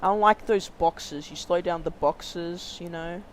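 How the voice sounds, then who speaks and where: A man's voice: sits high, slow pace, slight background noise, low-quality recording. A man co-hosting a casual game podcast, rambling with lots of fillers and pushing to stay on topic. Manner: rambling, filler-heavy, keeps steering back to topic. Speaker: podcast co-host. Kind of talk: casual chat about video games.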